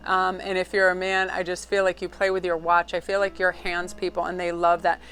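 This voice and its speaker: A middle-aged woman doing a casual tarot reading to camera, talking in an excitable, rambling, chatty way. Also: lowish voice, brisk, a little hiss or hum. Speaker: tarot card reader.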